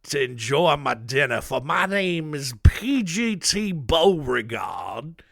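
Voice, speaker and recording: A man's voice: a little high, very animated, takes it slowly, vocal fry, fairly bright tone, dry recording, studio quality, exaggerated voice. A man voicing a pompous, middle-aged Confederate general in a mock British accent, haughty and indignant. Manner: haughty, indignant about his dinner.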